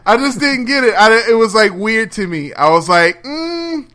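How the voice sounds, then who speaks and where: Animated high-voiced man. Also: normal speed. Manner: animated, laughing, acts out incredulous quotes. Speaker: podcast co-host. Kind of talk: casual chat over a phone call.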